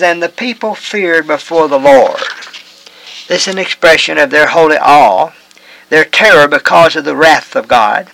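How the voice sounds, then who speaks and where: A man with a bright, ringing tone and a slightly high voice delivers a measured Bible teaching. He reads scripture passages aloud in old-fashioned wording. The sound is dry and close, with no room around it. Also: no room sound, rough recording. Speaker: preacher.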